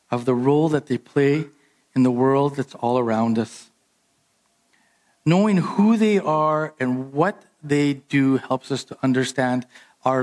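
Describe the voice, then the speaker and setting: A man preaching a sermon as pastor, animated and emphatic, jumping up in pitch on his key points.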